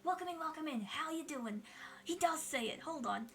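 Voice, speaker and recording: A young woman streaming live, her voice sitting high and sounding bright and sharp. She chats casually and excitably with her viewers, cursing now and then, with soft music playing behind her. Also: normal speed. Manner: excitable, chatty, swears freely. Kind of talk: casual livestream chat while drawing.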